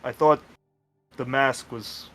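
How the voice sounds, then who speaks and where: A man voicing a homesick masked male wanderer, speaking softly and quietly. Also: mid-range voice, fairly even intonation, slow pace. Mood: wistful. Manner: soft, hushed speech.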